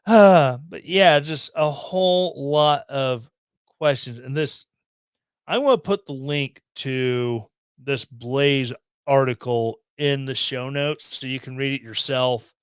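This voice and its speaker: A man's voice: mid-range voice, takes it slowly, clear, resonant tone, no room sound. A man hosting a podcast, commenting on the news in a rambling, self-deprecating way with sarcastic asides, into a studio microphone. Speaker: podcast host.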